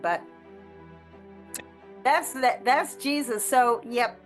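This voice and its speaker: A woman sharing a personal prayer testimony in an earnest, halting way, with frequent restarts and light laughter. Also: fairly high pitch, faint music behind. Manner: halting, with many restarts and fillers. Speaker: ministry trainee sharing a testimony. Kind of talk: conversational testimony.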